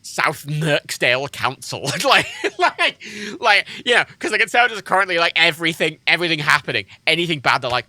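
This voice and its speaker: A man's voice: high voice, big pitch swings, fast, sharp tone, no room sound. A man livestreaming a flight game, ranting sarcastically about local politics with lots of swearing. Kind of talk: casual gaming-stream rant.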